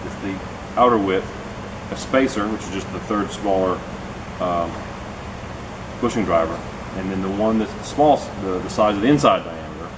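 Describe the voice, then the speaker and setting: A deep-voiced middle-aged man speaks at a moderate pace with long pauses while coaching a kid on a car repair in his garage. He hosts the video with casual narration, and the recording is noisy.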